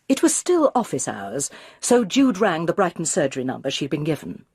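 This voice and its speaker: Female narrator, crime novel reading, husky, low, dry close sound. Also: sing-song, normal speed, darkish tone, dry recording.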